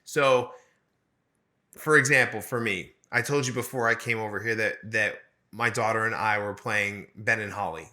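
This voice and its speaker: A man co-hosting a casual podcast chat, talking in an animated, rambling way with frequent restarts. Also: lowish voice, moderate pace. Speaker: podcast co-host.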